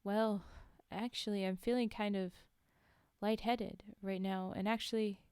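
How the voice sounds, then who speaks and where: A woman reading the lines of a confused, nervous male test subject in a halting, hesitant way. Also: mid-range voice, steady tone, a little mellow, clear, resonant tone, no room sound, studio quality, natural voice.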